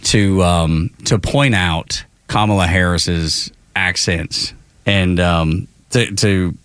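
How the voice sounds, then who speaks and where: A man's voice: sits low, slow, a bit bright, clear, resonant tone, no echo. A man co-hosting a morning radio talk show, bantering and joking. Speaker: radio co-host.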